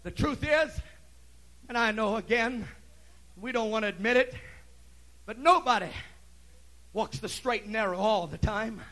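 A middle-aged man preaching an impassioned sermon, folksy and repetitive, swinging between loud cries and quiet asides. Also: sits high, unhurried, pauses often, rough recording. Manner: folksy, repeats "Hallelujah" and "Praise God". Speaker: pastor.

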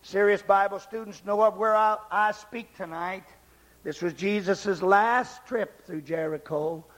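A male preacher giving a fiery revival sermon in a church service, shouting and then dropping to low, quiet passages. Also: unhurried, in a large hall. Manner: shouting, dramatic swings from loud cries to low quiet passages.

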